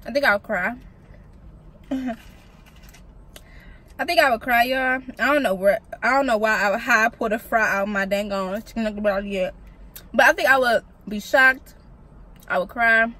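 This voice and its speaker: A woman's voice: a little high, moderate pace, long pauses, rough recording. A young woman vlogging a casual mukbang, talking bluntly and profanely while she eats. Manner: blunt, profane, animated storytelling while eating. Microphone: vlog camera.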